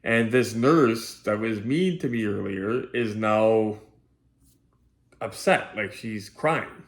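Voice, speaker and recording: A middle-aged man from Canada, hosting his channel and telling a personal story casually, acting out each line of dialogue in quick bursts. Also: fairly low pitch. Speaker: host.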